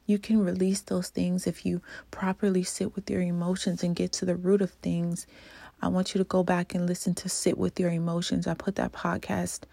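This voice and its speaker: A woman from Louisiana hosting a reflective podcast monologue, soft and earnest, often slipping into a whisper. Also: lowish voice, flat delivery, normal speed, gravelly, no echo. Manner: emotional, earnest. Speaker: podcast host.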